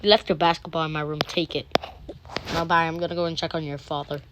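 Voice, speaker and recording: A woman's voice: sits low, little pitch movement, quick pace, background noise, close to an everyday voice. A weary, put-upon mom speaks in a plain, slightly whiny voice, as a woman telling a doll-play story puts her on. It stays close to the storyteller's own everyday voice. It suits a toy storybook scene. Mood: brisk.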